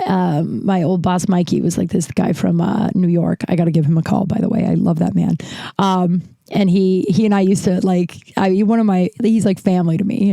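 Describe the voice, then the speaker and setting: A woman's voice: mid-range voice, darkish tone, no echo. A woman in her thirties hosting a casual solo podcast, rambling and swearing with self-deprecating humor. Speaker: podcast host.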